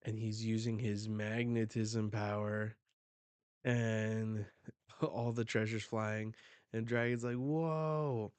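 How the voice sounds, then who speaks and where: A man hosts a casual live reaction, reading each panel aloud and adding quick remarks. His voice sits a bit low and moves at an unhurried pace. The sound is dry and close. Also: completely flat delivery, clear, resonant tone, no echo. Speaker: manga reaction host.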